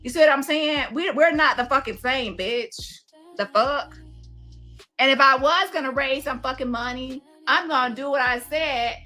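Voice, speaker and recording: Woman, confrontational commentary, profane, high voice. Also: normal speed, pushed and bright, faint music behind. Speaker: commentary host. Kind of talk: heated commentary rant.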